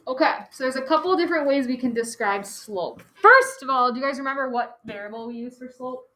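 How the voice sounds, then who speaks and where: A woman's voice: high-pitched, fast talker, pushed and bright. A woman teaching a class, chatty and casual, filling her talk with "like" and "okay". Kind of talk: classroom lecture. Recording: echoey classroom, faint noise.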